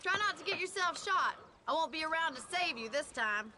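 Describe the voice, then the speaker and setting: A blunt ranch woman for a game; bright high voice, heavy background noise. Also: animated, brisk. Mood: warm. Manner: dry, teasing. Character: frank, teasing young ranch woman. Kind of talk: video game dialogue. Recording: game audio under loud hoofbeats and ambience.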